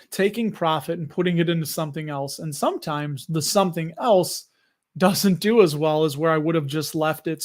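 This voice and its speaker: Chatty, laughing Chicago-accented man. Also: high voice. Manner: chatty, laughs often, loose and joking. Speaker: host of a live investing stream. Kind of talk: casual live-stream chat reading comments.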